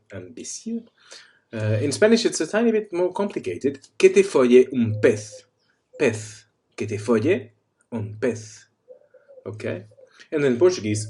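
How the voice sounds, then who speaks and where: A man giving a casual spoken lesson, delivering insults and their translations in a wry, deadpan way. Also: fairly low pitch. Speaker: language tutor.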